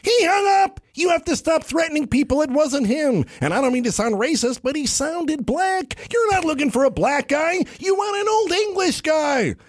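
A man voicing a shrill, scheming male radio host from a comedy bit, scolding his co-hosts in a squealing, nasal sneer. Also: lively intonation, moderate pace, hardly any pauses, dry recording, studio quality. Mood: bossy shrill.

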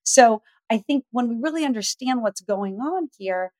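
A middle-aged woman speaking as the expert guest on a parenting podcast, telling stories lively and acting out the dialogue. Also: fairly high pitch, moderate pace, dry recording. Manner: animated storyteller, acts out dialogue. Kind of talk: podcast interview.

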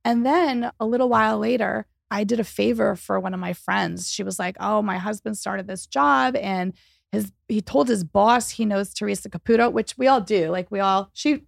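A woman telling a story as a guest in a podcast interview, animated and quick, acting out the people she quotes. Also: medium pitch, vocal fry, no echo, clean studio sound. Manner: fast, animated, acts out quoted dialogue. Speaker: psychic medium and author, guest.

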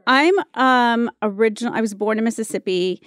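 Chatty woman with a smooth, clear voice. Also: on the high side, fairly quick, a bit bright, no echo, studio quality. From North Carolina, USA. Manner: chatty storyteller, frequent fillers and laughs. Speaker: actress guest. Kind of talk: casual interview chat.

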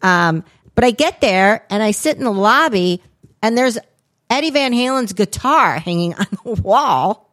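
A woman's voice: mid-range voice, expressive, unhurried, a bit bright. A woman co-hosting a podcast, telling a rambling story in casual chat, dropping swear words and lots of fillers. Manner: chatty, profane, rambling with many "like"s. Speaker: podcast co-host.

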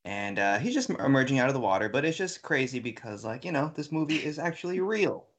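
A man's voice: mid-range voice, lively intonation, quick pace. A young man co-hosting a casual podcast, laid-back and swearing as he reads out news. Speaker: podcast co-host. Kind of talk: casual chat.

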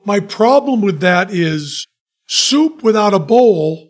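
Man, podcast host, high voice, animated, interrupts. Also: slow pace. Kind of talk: casual podcast chat.

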